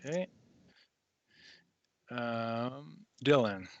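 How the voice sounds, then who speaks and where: A man's voice: medium pitch, very slow, lo-fi sound, slight background noise. A man narrating as the game master of a tabletop game, easygoing and often laughing.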